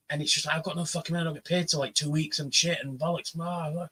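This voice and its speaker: A man telling an animated story on a livestream panel, swearing freely and acting out the voices of the people he quotes. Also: on the high side, racing, hardly any pauses, slightly rough, low-quality recording. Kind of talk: casual chat, storytelling.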